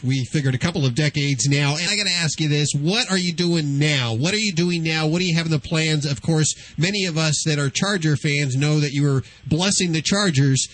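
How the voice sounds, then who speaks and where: A man's voice: fairly high pitch, fairly quick, hardly any pauses, fairly bright tone, low-quality recording. A man hosting a radio show, interviewing a guest in a friendly, teasing way.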